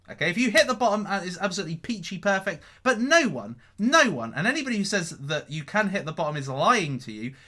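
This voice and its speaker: A man giving casual market commentary to camera as a vlogger, animated and emphatic, often checking in with "okay?". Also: sits high. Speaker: crypto vlogger. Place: indoors in front of a green screen.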